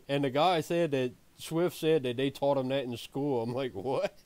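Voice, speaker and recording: A man's voice: mid-range voice, lively intonation, a little slow, a little mellow, no echo. A man streaming, telling a story in a casual way, laughing often and swearing freely.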